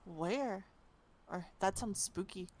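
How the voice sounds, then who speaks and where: A woman voicing a sardonic, restless young woman with a dry, deadpan delivery. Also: mid-range voice, slow, slight background noise, close to an everyday voice.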